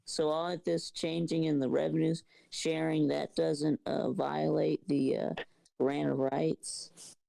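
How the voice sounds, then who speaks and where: A man co-hosting a sports podcast, asking halting questions and chiming in with short agreements. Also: on the high side, little pitch movement, creaky, dark tone, poor audio. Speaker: podcast co-host. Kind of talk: casual sports talk.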